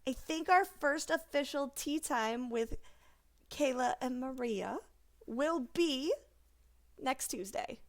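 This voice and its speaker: A woman in her thirties co-hosting a casual podcast chat, animated and acting out quoted exchanges in funny voices. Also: high-pitched, slow pace. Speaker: podcast co-host.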